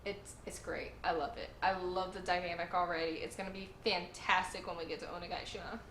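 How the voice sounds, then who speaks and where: A woman's voice: lowish voice, brisk. A woman hosting her own channel, recapping a story with gushing, emphatic enthusiasm and repeated exclamations. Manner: gushing, animated, emphatic repetition. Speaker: host. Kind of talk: excited casual recap. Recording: echoey room with faint noise.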